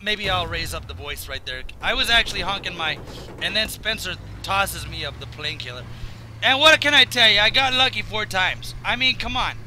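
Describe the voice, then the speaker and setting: Excitable man with a raw voice. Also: high voice, normal speed, slight background noise, rough recording. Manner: rambling, excitable, jokey. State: raw, strained voice. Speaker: gaming commentator. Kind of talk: casual gameplay commentary.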